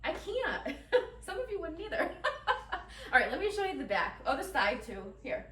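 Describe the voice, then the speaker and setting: A woman's voice: extremely high pitch, very animated, unhurried, fairly bright tone, reverberant, recorded from a distance. A woman chatting casually and giggling through a try-on haul, talking straight to her viewers. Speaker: fashion vlogger.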